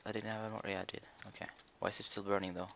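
A man's voice: lowish voice, level tone, very fast, vocal fry, fairly bright tone, slight background noise. A young man chatting casually while he plays a building game, rambling and hesitant with many fillers. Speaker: gaming video creator. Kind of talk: casual Minecraft commentary.

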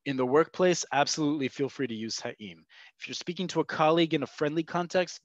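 Male language teacher, mid-pitched, patient and methodical, dry dull webinar sound. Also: fast talker, dry recording. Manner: patient, explains step by step with frequent "okay" and "right?". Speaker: Hebrew teacher. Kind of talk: online language lesson. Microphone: video call.

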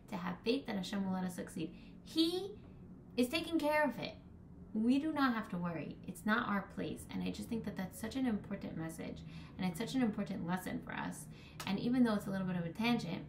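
An earnest young woman teaches an informal Torah lesson, talking casually and filling her sentences with "like." Her voice sits at a middle pitch, and it rings in an echoey room with a faint hum of ambience behind it. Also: creaky. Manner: earnest, casual, many "like" fillers.

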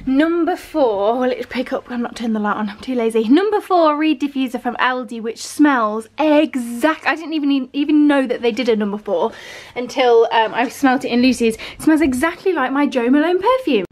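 A woman's voice: high-pitched, expressive, moderate pace. A British woman in her twenties talking candidly to camera at home in a casual vlog, informal and chatty. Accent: British English. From United Kingdom. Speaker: vlogger. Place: home, indoors.

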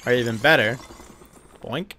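A man's voice: medium pitch, a little slow, faint music behind. A young man streaming a video game, joking and chatting with his viewers. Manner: jokey and animated, talks to viewers. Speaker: gaming streamer. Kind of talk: let's play commentary.

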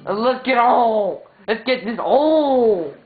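A man's voice: extremely high pitch, expressive, takes it slowly. Tinny, echoey young man rambling over game music. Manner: rambling, stumbling restarts. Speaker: gameplay commentator. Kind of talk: casual gameplay commentary.

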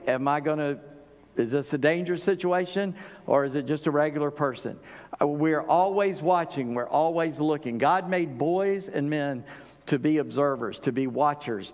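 A man preaching a sermon as pastor, conversational and animated, often acting out quoted lines in other voices. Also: fairly high pitch. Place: church sanctuary. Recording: long church-hall reverb.

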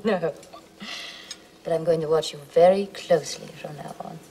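An actress playing a proud, teasing middle-aged opera diva over a meal. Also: female voice, low-pitched, steady tone, normal speed, warm tone, slight background noise, lightly acted. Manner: cool, teasing. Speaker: opera singer.

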